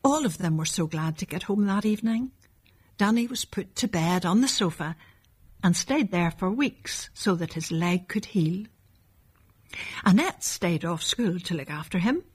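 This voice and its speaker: A woman narrating a children's storybook in a calm, measured reading. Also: on the low side, slightly rough.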